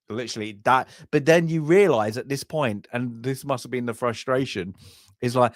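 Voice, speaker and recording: A man's voice: mid-range voice, normal speed, dry recording. Casting: man in casual film-club chat, meandering and chatty, dry mic. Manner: rambling, many restarts and fillers, acts out characters' lines. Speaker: film review co-host.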